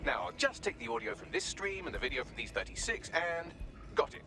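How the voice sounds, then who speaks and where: An actor playing a brisk male hacker ally in a video game, giving quick, businesslike instructions. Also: fairly high pitch, very animated, vocal fry. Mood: focused. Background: game music.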